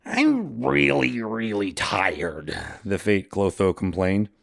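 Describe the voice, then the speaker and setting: A man reading a fantasy story aloud, slow and measured, with friends listening. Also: on the low side, very animated, creaky, fairly bright tone, no echo, studio quality. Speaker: podcast co-host reading aloud.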